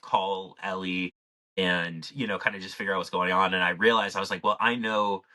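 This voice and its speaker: A man with a deep voice and a bright, forceful edge to it. He tells his story on a podcast in loose, rambling casual chat, dropping "like" everywhere and swearing freely. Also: fairly even intonation, a little fast. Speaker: podcast co-host.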